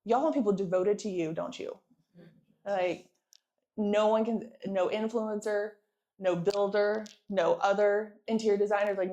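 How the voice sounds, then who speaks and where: A pregnant woman in her thirties giving a lively sales training talk to a live audience, often asking them to answer back. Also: mid-range voice, a little slow, lo-fi sound. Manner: energetic, playful, asks audience for responses.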